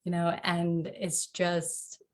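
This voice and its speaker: A woman talking earnestly about parenting in a casual interview from home, animated and quick to laugh. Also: lowish voice. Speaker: podcast guest, author.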